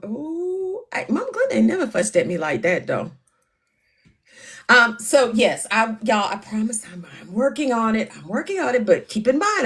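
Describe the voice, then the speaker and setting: A woman's voice: on the high side, a bit bright. A middle-aged woman, hosting a casual livestream, chatting and reading out comments. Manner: chatty, laughing often, reading comments aloud. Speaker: livestream host.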